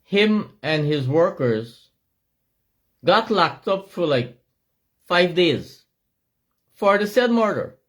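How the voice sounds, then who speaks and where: A middle-aged Guyanese man with a Guyanese accent, giving an impassioned, shouting monologue with emphatic repetition. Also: high-pitched, very animated, takes it slowly, long pauses.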